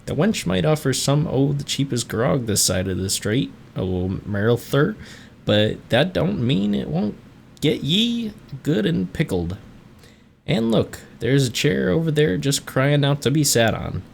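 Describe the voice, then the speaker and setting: A man voicing a rough, friendly male tavern keeper in a salty dialect, with a gravelly edge. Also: mid-range voice, fairly quick, hardly any pauses, a little hiss or hum, natural voice. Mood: hearty. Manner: piratey dialect, dropped endings, hearty.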